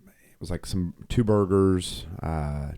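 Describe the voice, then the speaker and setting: Deep, mellow-voiced middle-aged man storytelling. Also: slow. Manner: rambling storyteller, many fillers and restarts. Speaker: podcast co-host. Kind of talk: casual faith talk.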